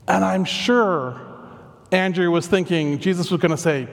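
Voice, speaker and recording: A man preaches a sermon as lively storytelling, dropping jokes at his own expense. His voice sits high for a man. A long reverb from a large hall trails his words. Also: measured pace, gravelly. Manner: animated storytelling, self-deprecating asides. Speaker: pastor.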